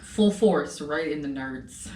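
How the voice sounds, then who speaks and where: Animated woman in a roomy space. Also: low-pitched, slow. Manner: animated storytelling. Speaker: host. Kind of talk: casual chat. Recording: roomy, a bit far from the mic, faint noise.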